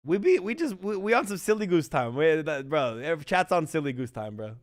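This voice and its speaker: A man's voice: fairly high pitch, very animated, brisk. A man casting a live esports stream, rambling and joking while talking to chat. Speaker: esports caster.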